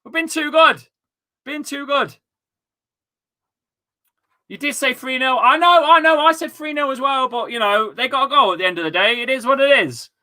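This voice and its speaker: A man with an East Midlands accent hosting a live football watchalong at home, full of excitable, sweary, rambling banter. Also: extremely high pitch, moderate pace, pauses often. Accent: East Midlands English. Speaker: host of a fan watchalong stream.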